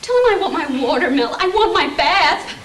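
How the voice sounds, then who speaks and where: A woman's voice: very high-pitched, lively intonation, fairly quick, a crowd in the background. A woman playing a distraught, pleading wife on stage. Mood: pleading, frantic. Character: Edna, distraught middle-aged New York wife. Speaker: stage actress. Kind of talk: amateur stage play. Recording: roomy stage sound from far off with faint hiss.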